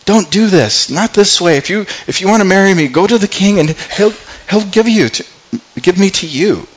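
Young woman, pleading, high and strained, done by a male preacher. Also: animated, measured pace, husky, heavily acted, poor audio. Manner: pleading, raised pitch. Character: young woman pleading with her half-brother.

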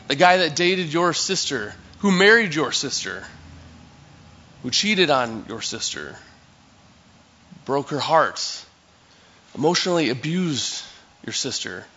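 A man's voice: fairly high pitch, sing-song, slow, pauses often, sharp tone, breathy edge, muffled recording. A male pastor giving a sermon in a conversational, storytelling way, acting out scenes for his listeners.

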